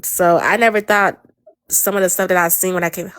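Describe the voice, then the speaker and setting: A woman's voice: on the low side, fairly even intonation, a little fast, a bit bright, clear, resonant tone, no echo. Woman host, blunt and teasing, casual live chat, dry close phone sound.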